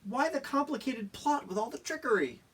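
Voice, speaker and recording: An actor playing a blustering pirate captain in a cartoon, with gruff pirate talk and loud exclamations. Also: male voice, very high-pitched, expressive, moderate pace, recorded from a distance, heavily acted. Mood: indignant. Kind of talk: cartoon voice acting.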